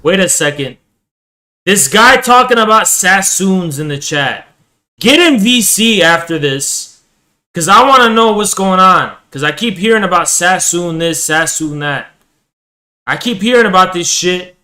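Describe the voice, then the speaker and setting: Excitable, cussing male streamer. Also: high-pitched, unhurried. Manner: profane, excitable, talks to chat. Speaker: livestreamer. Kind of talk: casual livestream chat.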